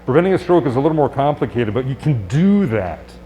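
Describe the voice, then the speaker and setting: A man's voice: medium pitch, sing-song, mellow. Male doctor, live talk, chatty and upbeat with rhetorical questions, mid-range voice, faint room noise behind. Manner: conversational and upbeat, with rhetorical questions and quick asides. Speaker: physician giving a health talk. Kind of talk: live presentation to an audience. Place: public event space.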